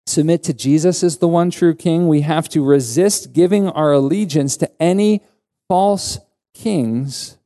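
A male pastor delivering an earnest sermon with emphatic rises in pitch. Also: warm tone.

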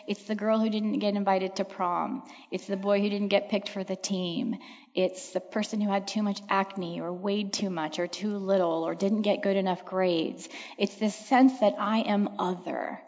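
A woman's voice: mid-range voice, fairly even intonation, moderate pace, darkish tone. Earnest woman counselor in echoey hall. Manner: earnest, reflective, emphatic repetition. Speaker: counselor answering audience questions. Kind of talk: church talk Q&A answer. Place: large hall with an audience. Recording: echoey hall, dull lo-fi sound.

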